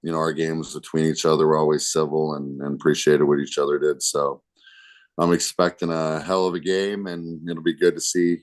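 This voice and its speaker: A man's voice: rumbling low, level tone, moderate pace. A man speaking as a guest player, casual and easygoing, with lots of fillers and restarts. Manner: easygoing, rambling, many fillers. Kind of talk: casual chat.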